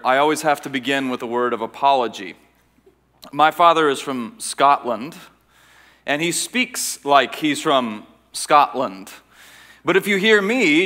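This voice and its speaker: A man raised in Austria speaks to a crowd from a stage mic in a church hall. His voice sits a little high and rings bright and forceful. He tells his story earnestly, slowing down for dramatic pauses. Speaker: conference speaker. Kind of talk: public talk to a live audience.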